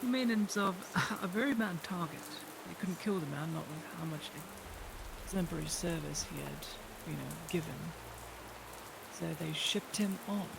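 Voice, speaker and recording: A player voicing a gravelly young noblewoman. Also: mid-range voice, normal speed, lightly acted. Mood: storytelling. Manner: lecturing, storytelling. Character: young noblewoman, proud and talkative. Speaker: roleplay player. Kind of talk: casual voice roleplay. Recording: clear rain noise behind.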